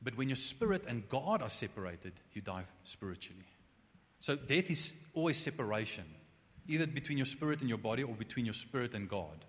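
A man preaching a conversational sermon, animated, with restarts and asides. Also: mid-range voice, brisk. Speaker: pastor. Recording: long hall reverb.

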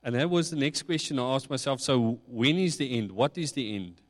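A man preaching a sermon, slow and reflective, building emphasis on key points. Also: mid-range voice, animated. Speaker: pastor. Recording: long hall reverb.

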